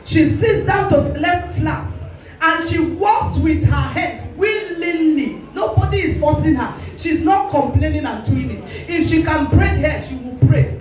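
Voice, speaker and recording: A woman's voice: high-pitched, a little mellow. A woman pastor with a Nigerian English accent preaching a sermon, challenging her listeners directly and acting out quoted voices. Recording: very echoey hall with faint music, voice from a distance.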